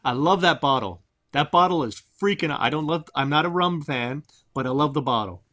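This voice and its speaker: A man hosting an online show in a jokey, rambling way. His voice sits a bit higher than most men's, and he wanders from one idea to the next, dropping quips as he goes. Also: normal speed, pushed and bright. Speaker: podcast host. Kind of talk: casual chat.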